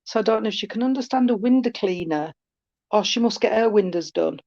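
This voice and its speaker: Warm-hearted woman medium, chatty, heard over a muffled, dry line. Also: medium pitch, expressive, brisk, no echo. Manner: chatty, affectionate, calls people sweetheart. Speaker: spiritualist medium. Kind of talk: online mediumship reading. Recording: dull, dry call audio.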